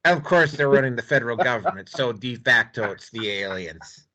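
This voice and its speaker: Man, podcast co-host, deadpan joking, bright tone. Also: mid-range voice, moderate pace, no echo. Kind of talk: casual joking chat.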